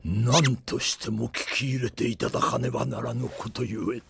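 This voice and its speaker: A man's voice: mid-range voice, steady tone, quick pace, vocal fry, breathy edge, heavily acted. A man voicing a stern samurai-era man in an anime, speaking in grave, formal, old-style phrasing. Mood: solemn. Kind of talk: anime dialogue.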